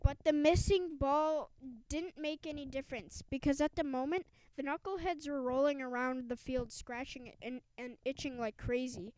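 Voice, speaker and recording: A woman's voice: high voice, fairly even intonation, normal speed, darkish tone, dry recording, poor audio. A woman reading a children's book aloud in an emphatic storytelling lilt, now and then stumbling and restarting words. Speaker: audiobook reader.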